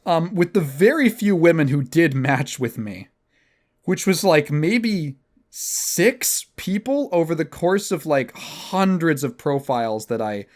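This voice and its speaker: A man's voice: a little high, big pitch swings, slow pace. A young man hosting a podcast, telling a rambling, profane, self-mocking story in casual chat. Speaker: podcast host.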